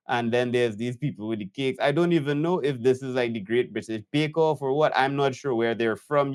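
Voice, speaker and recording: A man reacting to a video as an editor, unhurried and admiring as he talks through the choices. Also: mid-range voice, clean tone. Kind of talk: reaction commentary.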